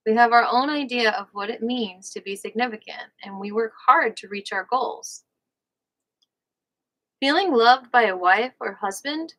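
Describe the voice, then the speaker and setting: A woman from New York reading a nonfiction book aloud on a livestream, unhurried and leaning on her words. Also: fairly high pitch, a bit bright, rough recording. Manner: unhurried, leaning on words, breaks off for playful asides.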